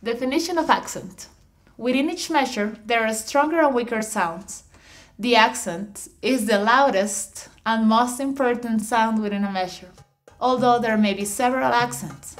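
A woman narrating an instructional audiobook, reading definitions in a measured, explanatory way. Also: a little high, soft background music. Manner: measured, explanatory reading with slightly awkward phrasing.

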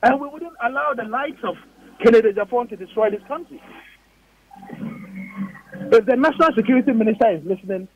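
A man's voice: very high-pitched, a little fast, long pauses, slight background noise. A man with a Ghanaian accent, a politician on a radio interview, firing off emphatic, indignant rhetorical questions. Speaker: politician guest. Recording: dull lo-fi radio audio.

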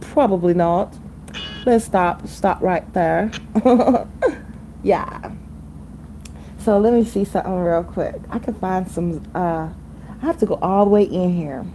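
A woman livestreaming who improvises a freestyle song with drawn-out sing-song repetitions, then chats casually. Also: fairly low pitch, warm tone, a little hiss or hum, poor audio. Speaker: livestream host.

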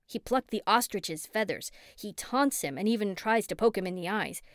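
A woman narrator voicing a troubled woman in an audiobook, speaking in a grim, hushed way. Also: mid-range voice, expressive, normal speed, no echo, clean studio sound, close to an everyday voice. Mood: upset. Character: troubled woman with a ghost problem.

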